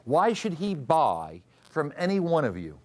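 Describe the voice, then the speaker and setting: A man's voice: a little high, huge pitch swings, unhurried, darkish tone. A man teaching a trading class, quizzing students and repeating key rules. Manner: questions the class and drills answers. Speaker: trading instructor. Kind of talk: classroom lecture.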